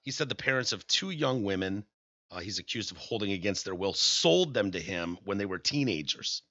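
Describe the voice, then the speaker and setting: A man's voice: lowish voice, expressive, fairly quick, bright, forceful tone, no echo, dull audio. A man with a Michigan accent co-hosting a podcast in casual banter, joking and acting out quotes. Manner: chatty, joking, acts out quotes. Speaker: podcast co-host.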